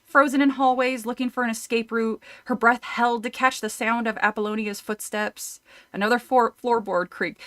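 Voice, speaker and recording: A woman streamer with a slightly high, somewhat bright voice reads a horror novel aloud in a casual read-through. She often breaks off to chat, laugh, and swear casually.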